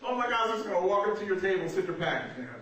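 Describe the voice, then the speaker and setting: A man performing stand-up in a small theater, chatting with the crowd and chuckling through his jokes. His voice sits high for a man. The recording is distant and heavily echoed, with loud noise underneath. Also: expressive, very fast. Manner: conversational, laughing through punchlines. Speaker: stand-up comedian. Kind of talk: stand-up comedy set. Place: small theater stage with audience.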